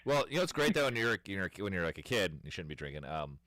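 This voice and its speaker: A man's voice: sits low, very animated, fast talker, a bit bright, no room sound. A man in his thirties chatting casually on a livestream, telling rambling stories and laughing often. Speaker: streamer.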